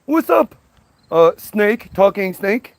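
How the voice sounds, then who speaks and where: A dim, whiny first woman played by a man talks in a high, squeaky voice with a gravelly edge. She sounds slow and dopey. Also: big pitch swings, no echo, heavily acted.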